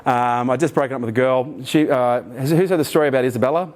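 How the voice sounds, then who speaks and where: A man's voice: medium pitch, fast. A middle-aged Australian man giving a keynote talk to an audience, telling a story with energy and frequent swearing. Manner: energetic, swears freely, animated retelling. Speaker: keynote speaker. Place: in front of a live audience.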